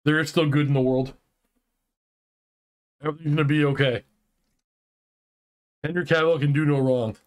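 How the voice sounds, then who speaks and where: A fairly high-voiced man talks in a relaxed online chat. He gets excitable and animated, tripping over restarts as he rants. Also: normal speed, long pauses. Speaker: podcast co-host. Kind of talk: casual chat.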